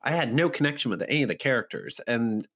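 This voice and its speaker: A man's voice: mid-range voice, expressive, fast talker, a bit bright. A man co-hosting a movie podcast, recapping a plot in a rambling way with fillers. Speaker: podcast co-host. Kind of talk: casual movie review chat.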